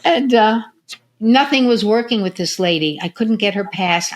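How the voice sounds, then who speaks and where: With a mid-range voice and a moderate pace, this retired physical therapist from the United States recounts stories during a relaxed interview. The older woman brings her tales to life by performing the voices of those she quotes.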